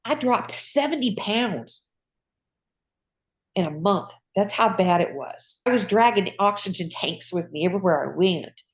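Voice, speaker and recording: A woman's voice: mid-range voice, expressive, measured pace. An older woman, a retired nurse, telling her story in a casual interview, acting out dialogue and laughing often.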